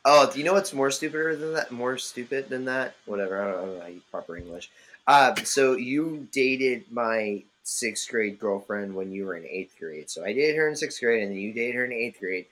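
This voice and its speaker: Male podcast host, bright tone, mid pitch, rambling jokey banter. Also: low-quality recording. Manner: rambling, jokey, swearing freely. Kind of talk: casual chat among friends.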